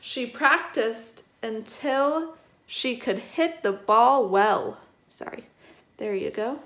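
Teacher lady spelling words out for little kids, slightly high voice, roomy echo. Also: expressive. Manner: spells words out slowly and explains gently. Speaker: first grade teacher. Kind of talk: remote vocabulary lesson for young children. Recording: echoey room.

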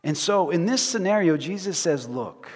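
A male pastor preaching a sermon dramatically, swinging from loud to hushed. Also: on the high side, normal speed. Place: church sanctuary. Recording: reverberant church sanctuary.

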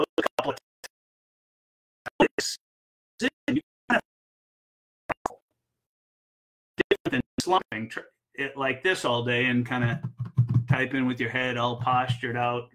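A man coaching barefoot water skiing, telling personal stories in an energetic way with frequent fillers. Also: mid-range voice, low-quality recording. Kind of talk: instructional talk with personal stories.

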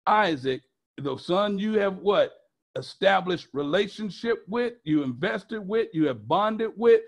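A man's voice: high voice, animated, measured pace. A male pastor preaching a sermon, emphatic and repetitive, prompting the congregation with questions.

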